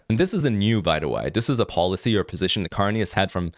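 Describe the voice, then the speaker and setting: A French-Canadian man delivers a political monologue full of sarcasm and mockery. His voice sits low but swings widely in pitch as he jabs at his targets. The sound is close and dry, with no room around it. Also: expressive, quick pace, hardly any pauses, no room sound. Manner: sarcastic and mocking. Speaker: political commentary host. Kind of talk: opinion commentary monologue.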